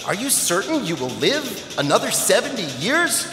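A man's voice: high voice, very animated, normal speed, over music. A man playing a brash, pleading old sage. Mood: blunt. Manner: loud, pleading, blunt. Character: brash, hungry miracle-working old sage. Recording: echoey hall with long reverb.

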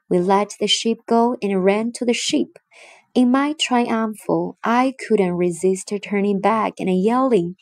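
A woman reading a children's storybook aloud, in a deliberate, expressive narrator's voice. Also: medium pitch, no echo.

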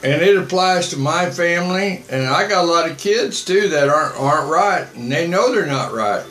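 A man's voice: on the high side, expressive, normal speed, a bit bright, reverberant, low-quality recording. A man in his seventies, a missionary preaching on a live stream and answering viewer comments in a rambling, earnest, repetitive way. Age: 70s.

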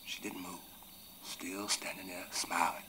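An actor playing a tender, remorseful runaway man on a raft, speaking in a rural Southern US dialect and telling his story slowly and from the heart, often sinking into hushed whispers. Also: low voice, level tone, slight background noise, exaggerated voice. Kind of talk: 1980s TV film drama acting.

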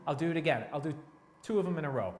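Guy explaining drum grooves, kinda high voice, chill and step by step, drums in the room. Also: rapid-fire, loud music behind the voice. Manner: relaxed, explains step by step, counts beats aloud. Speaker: drum teacher. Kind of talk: casual drum lesson. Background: drum playing.

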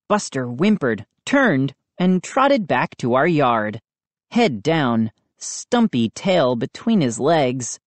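A woman reading a spooky children's storybook aloud with expressive, dramatic narration. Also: a bass voice, takes it slowly, dry recording. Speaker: audiobook reader.

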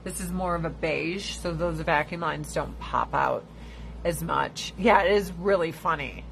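A woman's voice: a little slow, gravelly, slight background noise, poor audio. Foul-mouthed woman streaming casual stories. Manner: profane, blunt storytelling; high squealing voice when mimicking others. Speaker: livestream host. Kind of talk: casual livestream chat.

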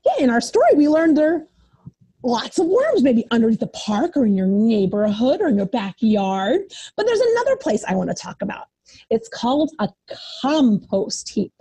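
A woman preschool teacher reading a picture book aloud to young children in an animated, sing-song way. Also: fairly high pitch, moderate pace, husky.

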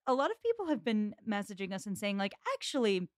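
A woman co-hosts a podcast in a chatty, easygoing way, filling her sentences with "like". Her voice sits at an ordinary middle pitch, and the recording is close and dry. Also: sing-song, quick pace, no room sound. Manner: chatty, peppered with "like". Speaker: podcast co-host. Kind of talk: casual chat.

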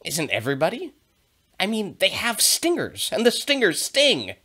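A man voicing Murphy, an excitable, food-loving young male dog who is scared of bees, in a shrill, panicky voice for a children's story. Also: moderate pace, full character voice. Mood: fussy.

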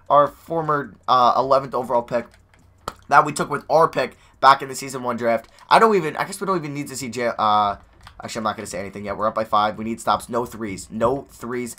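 Nervous, excitable young man narrating gameplay. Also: medium pitch, quick pace. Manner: anxious, excitable, talks to players on screen. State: hoarse. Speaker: gaming YouTuber. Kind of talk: live gameplay commentary.

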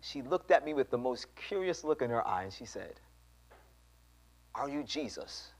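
A man preaching a sermon in a church, telling a story with animated delivery and acting out the dialogue. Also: mid-range voice, a little fast. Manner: animated, acts out dialogue, addresses congregation.

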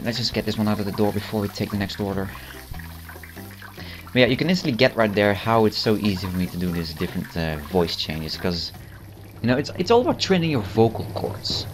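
Rambling, low-voiced teen game commentator. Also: male voice. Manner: rambling and self-amused, with many fillers and restarts. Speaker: channel host. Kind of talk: gameplay commentary.

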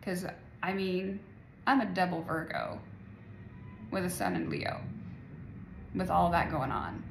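A spiritual vlogger in her forties talks casually to her viewers about spiritual matters, rambling along at a slow pace and laughing often. Her lowish, sing-song voice has a gravelly, fry-heavy texture. The recording sounds roomy and echoey, with faint ambience and a little hiss or hum behind her.

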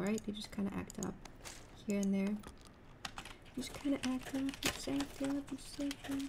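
A woman's voice: medium pitch, vocal fry, a little hiss or hum. A young woman streaming a game live, chatting with viewers and a teammate in a rambling, giggly way. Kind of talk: casual live-stream chat while gaming.

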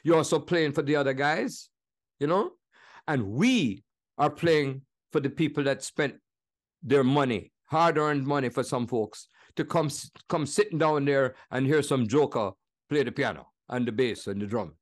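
Lively Jamaican-accented man in his seventies. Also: mid-range voice, normal speed. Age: 70s. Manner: animated, laughing, slips into impressions. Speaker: guest musician. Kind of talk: conversational storytelling interview.

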